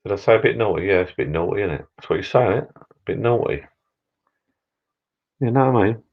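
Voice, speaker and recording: A man's voice: lowish voice, expressive, fast, slightly rough, highs cut off. A middle-aged man, chatting and rambling jokily on a live stream from his backyard bar. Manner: rambling, jokey, repeats words. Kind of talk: casual live stream chat. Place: backyard garden bar shed.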